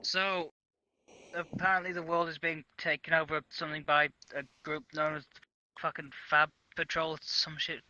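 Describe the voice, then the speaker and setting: A man playing a field reporter in a comedy improv, halting and swearing as he goes. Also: fairly high pitch, flat delivery, pushed and bright, dry recording, lo-fi sound. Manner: halting, swearing, repeats himself.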